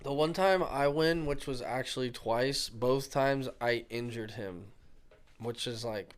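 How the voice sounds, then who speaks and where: A young man co-hosting a podcast in a basement, telling lively stories in casual chat. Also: medium pitch, measured pace, smooth. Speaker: podcast co-host. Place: unfinished basement.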